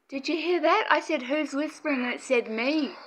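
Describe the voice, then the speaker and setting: A woman investigating paranormal activity, talking softly to spirits in a hushed, breathless way. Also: high voice. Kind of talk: ghost-hunting vlog narration.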